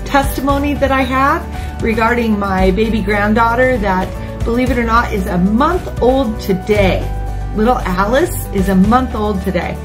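A woman in her fifties, a grandmother, preaching an informal online sermon in a chatty, emotional way with lively asides. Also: on the high side, moderate pace, music in the background, low-quality recording. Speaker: ministry speaker. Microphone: phone or webcam, online broadcast.

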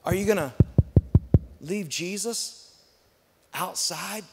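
A guest pastor from Texas preaching an emphatic sermon and calling on the congregation to answer back, rushing some phrases and stretching out others. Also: male voice, high-pitched, vocal fry, very noisy. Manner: emphatic, call-and-response with the congregation; swings between fast and slow, drawn-out emphasis. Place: large church sanctuary. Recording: long church hall reverb.

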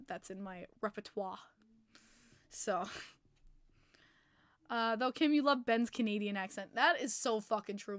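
A woman hosting a hockey podcast, chatting casually with viewers, excitable, swearing freely and laughing often. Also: mid-range voice, smooth, no room sound. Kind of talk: casual live-stream chat reading viewer comments. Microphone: plugged-in desk microphone.

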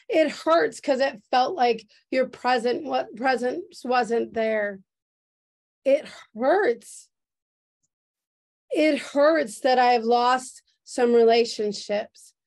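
A woman pastor preaching a prophetic sermon in a slow, earnest, emotional way, repeating her phrases, heard over a video call. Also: on the high side, a little mellow. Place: church service streamed on video call.

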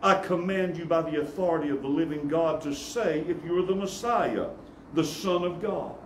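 A man voicing an indignant high priest who accuses, read aloud in a church sermon. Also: normal speed, echoey room, recorded from a distance, a little hiss or hum, natural voice. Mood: demanding.

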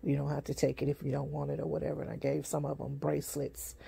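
A street preacher giving a rambling personal testimony, halting and repeating, sleepy and yawning, with many fillers and restarts. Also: medium pitch, monotone, creaky, dark tone, breathy edge, no room sound.

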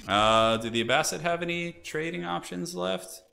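A man's voice: on the high side, sing-song, fairly quick, creaky, bright, forceful tone. A young man streaming a strategy game, chatting casually and thinking aloud as he plays. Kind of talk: casual gameplay commentary.

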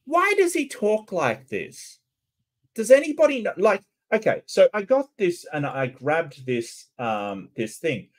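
A man's voice: high voice, wildly swooping pitch, a little slow. A man hosting casual reaction commentary, incredulous and questioning, with frequent restarts. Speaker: commentary host.

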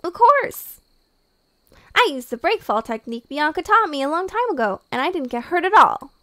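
A woman voicing a bubbly, loud young rabbit boy. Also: extremely high pitch, sing-song, moderate pace, voice pushed up, heavily acted. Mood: excited. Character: excitable young male rabbit. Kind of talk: reading game dialogue aloud.

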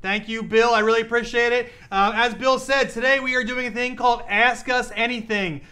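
A man co-hosting a live stream, upbeat and excitable, chatting casually with plenty of fillers. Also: extremely high pitch, brisk, clean tone. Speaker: livestream co-host.

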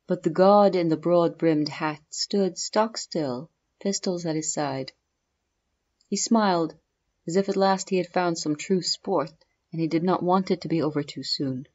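Brief: female audiobook narrator, deep low register, steady storytelling pace, dull lo-fi sound. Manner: measured storytelling delivery.

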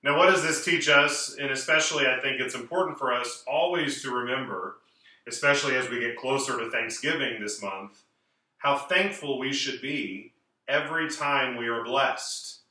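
This priest, a man whose voice is bright and medium in pitch, delivers a clear, measured liturgical reading and a homily. Long pauses give emphasis, and the sound echoes through a large church, picked up from some distance.

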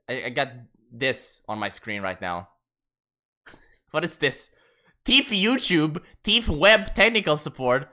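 A man's voice: mid-range voice, pushed and bright. A man streaming a game, chatting casually and ranting with frequent swearing. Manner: profane, exasperated ranting with laughter. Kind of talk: casual gaming stream chat.

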